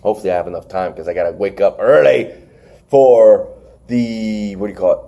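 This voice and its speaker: A man hosting a casual wrestling review podcast, recapping matches with animated retellings and acted-out lines. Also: on the low side, a little fast, lo-fi sound. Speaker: podcast host.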